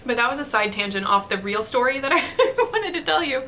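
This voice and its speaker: A woman's voice: high voice, expressive, fairly quick, pushed and bright, slight background noise. A young woman sharing candid stories and advice with viewers in a chatty, laughing way. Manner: chatty, storytelling, with light laughs. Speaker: artist vlogger. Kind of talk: candid motivational talk to camera.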